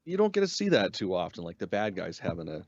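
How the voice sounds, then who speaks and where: Low, lively-voiced man on a dull dry mic. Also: quick pace, dry recording. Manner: laid-back, swears often, lots of "like" fillers. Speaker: podcast co-host. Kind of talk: casual review chat.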